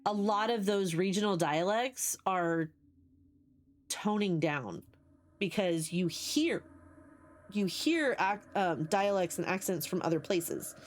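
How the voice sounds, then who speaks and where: A woman's voice: mid-range voice, lively intonation, slow, a little hiss or hum. Chatty woman streamer telling stories. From United States. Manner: chatty, rambling storyteller, greets and answers chat. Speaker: livestreamer. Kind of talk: casual chat with viewers.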